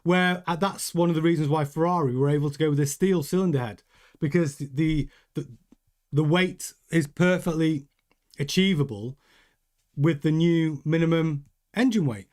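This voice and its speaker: A man's voice: on the high side, moderate pace, darkish tone. A man hosting a motor racing news show, talking casually and rambling, joking and restarting his sentences. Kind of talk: casual news commentary with live chat.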